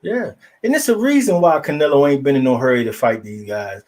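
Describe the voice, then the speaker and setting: A man hosting a casual boxing talk show, blunt and profane, telling animated stories. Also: mid-range voice, brisk. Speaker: podcast host.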